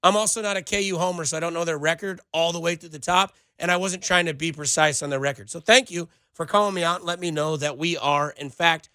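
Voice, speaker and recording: A man's voice: fairly high pitch, fairly even intonation, fast, few pauses, pushed and bright, clear, resonant tone, dry recording. A male sports radio host talking with a sarcastic, riled-up edge.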